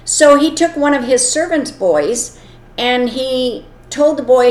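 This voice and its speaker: A woman's voice: high voice, slow pace, darkish tone. An earnest woman telling a moral story and then explaining its lesson, with plain wording. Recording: echoey room.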